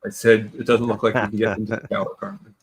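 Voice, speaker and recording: A man narrating a tabletop game as dungeon master, halting and full of pauses. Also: fairly low pitch, little pitch movement, a little hiss or hum.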